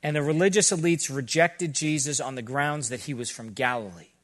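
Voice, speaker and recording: A man with a somewhat high voice delivers a sermon, speaking earnestly to his congregation. He sounds middle-aged and keeps it conversational, slipping into quick asides. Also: fairly bright tone. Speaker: pastor.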